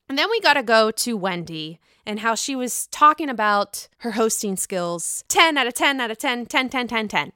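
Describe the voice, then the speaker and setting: A young woman hosting a casual chat show, sassy and expressive, swearing freely as she recaps reality TV. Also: fairly high pitch, clean tone, no echo, studio quality. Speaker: podcast host recapping reality TV.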